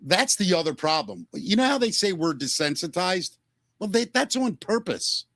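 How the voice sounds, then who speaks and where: A man chatting casually on a podcast, joking and animated. His voice is bright and forceful, and his pitch swings all over. The sound is close and dry. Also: normal speed, vocal fry, no echo. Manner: animated, jokey, slips into silly put-on voices. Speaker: podcast co-host. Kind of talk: casual chat, comedic impressions.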